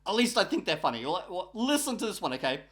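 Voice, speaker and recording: A woman's voice: on the low side, big pitch swings, fast talker, fairly bright tone. A woman giving casual comedic commentary on a book, incredulous and swearing, laughing often as she reads. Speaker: YouTuber reviewing a book.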